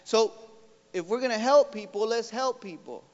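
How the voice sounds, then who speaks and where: A man's voice: sits high, normal speed. Earnest man rallying a hall crowd. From Oakland, California. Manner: earnest, rallying, checks in with the audience by asking "right?". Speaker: professor and guest speaker. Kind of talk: motivational public talk. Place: large school hall. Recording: dull recording with long hall reverb.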